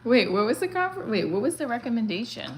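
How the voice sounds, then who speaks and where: A woman's voice: fairly high pitch, very animated, fast, a little hiss or hum, poor audio. A woman comedian chatting casually on a live stream, rambling from one thought to the next. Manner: chatty, rambling, breaks into song.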